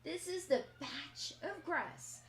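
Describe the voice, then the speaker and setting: Woman teacher, unhurried explanatory delivery, echoey room with faint noise. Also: high voice, animated. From Brazil. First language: Portuguese. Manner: slow, explanatory, checks in with "okay?". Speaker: English teacher. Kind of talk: live-stream language lesson.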